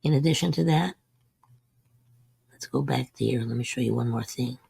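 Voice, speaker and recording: A man's voice: medium pitch, normal speed, creaky, a little mellow, slightly rough, no room sound. A man hosting a trading lesson, walking through chart examples in a methodical way and repeating short refrains. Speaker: host. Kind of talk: scripted market lesson over a chart screen.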